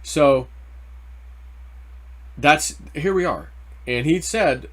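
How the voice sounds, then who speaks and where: A man's voice: medium pitch, breathy edge. A man hosting a casual crypto video, rambling through price talk in loose slang and getting worked up over the numbers. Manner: rambling, excitable, quick to get worked up over price ticks. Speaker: crypto channel host. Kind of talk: casual market commentary.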